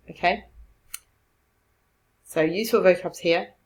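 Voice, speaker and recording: Low-voiced woman teaching a recorded lesson. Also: fairly even intonation, unhurried, darkish tone, low-quality recording. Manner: encouraging, explains step by step. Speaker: French teacher.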